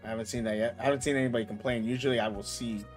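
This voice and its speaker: A man in his thirties, host of a casual chat show, talking loosely and getting loud and worked up when he rants. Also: mid-range voice, very fast, faint music behind. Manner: animated, gets loud and excited when ranting. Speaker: podcast host.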